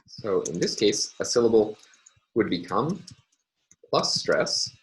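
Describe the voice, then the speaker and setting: Guy with a really low voice doing a recorded lecture, lots of ums, slow and explanatory. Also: big pitch swings, a little hiss or hum, rough recording. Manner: measured, explanatory, many ums and uhs.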